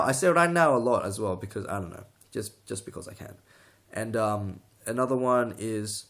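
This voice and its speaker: A man's voice: lowish voice, normal speed, fairly bright tone. A young man talking to the camera in a casual tutorial, rambling, restarting sentences and getting sidetracked. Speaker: vlogger.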